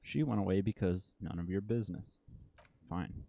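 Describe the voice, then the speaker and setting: Deep-voiced man with wry commentary. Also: normal speed, gravelly, warm tone. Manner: wry, joking asides. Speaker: let's play host. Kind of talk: casual game commentary, reading text aloud.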